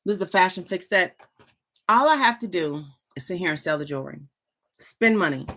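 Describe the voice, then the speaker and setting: A woman's voice: on the low side, expressive, brisk, pushed and bright. A middle-aged woman vlogging in a rambling, chatty and enthusiastic way. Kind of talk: casual chat.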